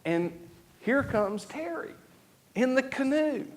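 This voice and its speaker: A man, preaching a sermon and telling a story with lively, acted-out moments. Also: extremely high pitch, slow pace. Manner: animated storytelling with laughs and acted-out shouts. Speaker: pastor. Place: church sanctuary.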